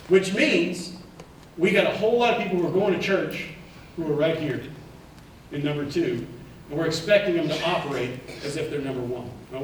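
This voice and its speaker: Animated man speaking in an echoey hall. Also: on the high side, far from the mic, a little hiss or hum. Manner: animated, asks the audience questions. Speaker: keynote speaker. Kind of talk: conference talk. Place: large conference hall.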